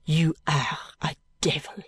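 A man's voice: fairly high pitch, fairly even intonation, slow pace, a bit bright, breathy edge, no room sound, exaggerated voice. A man putting on a furious maid. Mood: defiant. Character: fiery young French lady's maid, furious and scornful.

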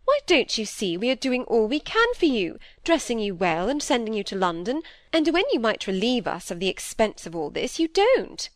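A woman's voice: a little high, big pitch swings, normal speed, few pauses, no room sound. A woman reading the part of a vain, fretful middle-aged stepmother who speaks querulously. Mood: peevish. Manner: querulous, peevish.

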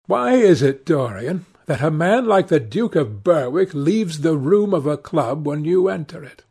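Guy voicing a serious earnest painter gent, gravelly and husky. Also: fairly high pitch, very animated, measured pace, a little mellow, full character voice.

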